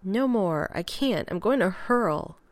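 A woman's voice: medium pitch, lively intonation, slow, dry recording, pitched above the performer's own voice. A woman doing an ailing man, weak and strained. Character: ailing, queasy grown man.

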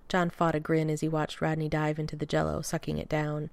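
A woman narrating a fan fiction story in an even, expressive storytelling manner. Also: deep voice, fairly quick, creaky, dry recording.

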